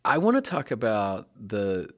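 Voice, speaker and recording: A man's voice: on the low side, huge pitch swings, unhurried. A man hosting a podcast, a pastor, chatting casually and affirming his guest with short hums. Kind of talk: casual conversation.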